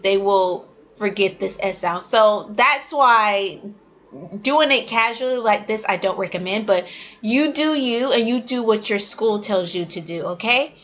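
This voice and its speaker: A woman teacher speaks slowly and with a bright edge, giving casual tips to fellow teachers. She slips into animated demonstrations of how she drills her young students. The sound is dull and lo-fi. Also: on the high side. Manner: animated, acts out classroom drills. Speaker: ESL teacher.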